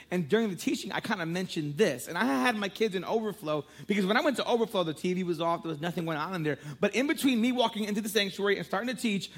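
Husky, joking pastor with a lively sermon voice. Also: male voice, high voice. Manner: playful, joking storyteller who prays fervently.

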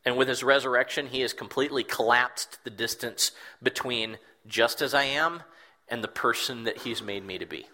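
Earnest male pastor, bright tone. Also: medium pitch, normal speed. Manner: earnest, reflective, repeats words for emphasis. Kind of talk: sermon.

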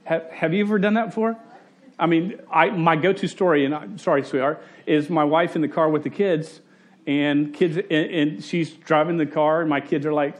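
A man preaching a sermon in a casual, joking, conversational way, slipping into quick voices for the people in his stories. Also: fairly high pitch, steady tone. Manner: conversational storytelling with quick voice shifts for quoted people; jokey and self-interrupting. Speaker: pastor.

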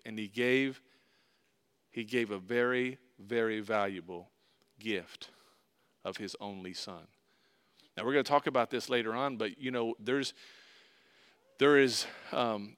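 Bright, clear-voiced man preaching a sermon. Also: medium pitch. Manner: slows down and drops to a hush on key phrases, then rises loud; conversational with repeated phrases. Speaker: pastor.

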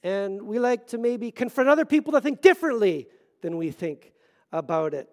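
A middle-aged male pastor preaching a sermon, earnest, swinging between loud emphatic lines and hushed asides. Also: sits high, sing-song, moderate pace.

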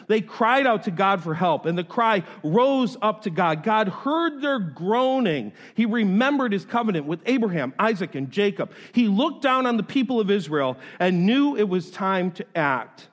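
A man preaching a sermon, reading scripture aloud and explaining it with expressive emphasis. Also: moderate pace, few pauses. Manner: expressive preaching with dramatic pitch swings. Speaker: pastor. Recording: hall reverb.

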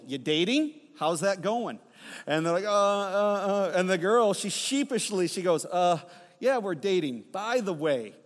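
A middle-aged pastor's sermon is lively and playful, full of storytelling and teasing remarks aimed at the congregation. He has a slightly high voice for a man, and everything echoes with the lingering reverb of a church sanctuary.

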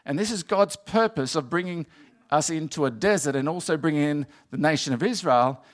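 A man preaching with earnest conviction, circling back on his words and building to emphatic stretches. His voice sits a little higher than most men's. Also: fairly quick. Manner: earnest, repetitive, rising to emphatic passages. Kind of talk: sermon.

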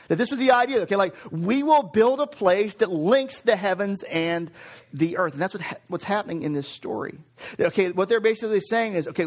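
A man teaching a casual Bible lesson to camera, conversational and jokey, checking in often with "okay?". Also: high voice.

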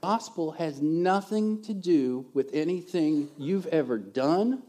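A man preaching a sermon as a pastor, animated, swinging between loud emphasis and quiet asides. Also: on the high side, takes it slowly, few pauses.

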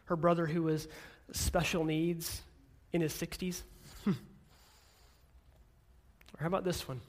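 This thirtysomething male pastor gives a sincere sermon, moving from soft speech to emphatic proclamations. His voice is a little high and level in tone, and his pace a little slow.

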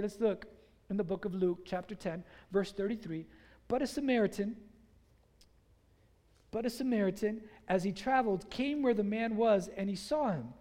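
A pastor delivers a sermon in an easy, chatty way, full of casual fillers. They push the congregation to repeat phrases back. The voice rings out with a long reverb in a large church hall. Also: mid-range voice. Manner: energetic and conversational, has the congregation repeat phrases.

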